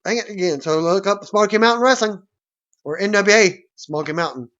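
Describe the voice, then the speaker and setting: Bright-voiced man reading wrestling news. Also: high-pitched, expressive, fairly quick. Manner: reads aloud, stumbling over names. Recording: dull lo-fi recording.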